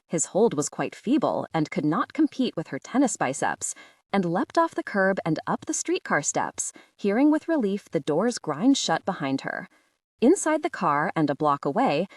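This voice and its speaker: A woman narrating a literary short story audiobook in a measured, expressive storytelling manner. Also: fairly low pitch, dry recording, studio quality.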